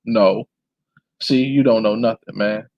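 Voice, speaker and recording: A man's voice: lowish voice, steady tone, unhurried, vocal fry, no echo. Brash bragging teen boy, read by a man, muffled dry recording. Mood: boastful. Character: boastful teenage boy, fourteen, excited.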